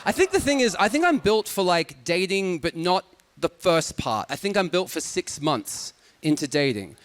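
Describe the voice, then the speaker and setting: A man in his thirties with a faded Australian accent, performing a deadpan stand-up comedy set on stage. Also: high voice, normal speed. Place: stage with live audience.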